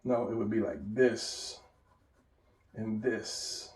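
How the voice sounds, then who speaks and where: A man's voice: on the low side, fairly even intonation, takes it slowly, a little mellow, roomy sound, far from the mic. A man giving an unscripted drawing lesson, rambling and correcting himself as he sketches. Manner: rambling, self-correcting, talks while drawing. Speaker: drawing instructor.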